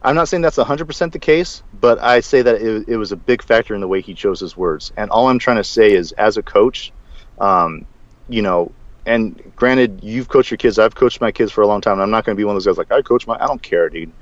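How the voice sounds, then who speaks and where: A man co-hosting a podcast in casual chat, rambling and animated, with many restarts. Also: fairly low pitch, moderate pace, dry recording. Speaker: podcast co-host. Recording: dull, lo-fi sound.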